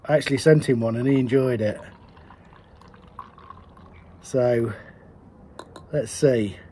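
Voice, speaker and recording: A man's voice: mid-range voice, slow, mellow, slight background noise. A man in a casual beer-tasting vlog, chatty and rambling, often correcting himself mid-sentence. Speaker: homebrewer reviewing beers.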